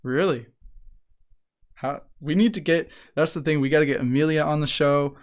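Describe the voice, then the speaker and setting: A man's voice: a little high, moderate pace. A man with a Canadian accent, co-hosting a casual podcast chat, joking and laughing often as he talks. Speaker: podcast co-host. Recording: live stream.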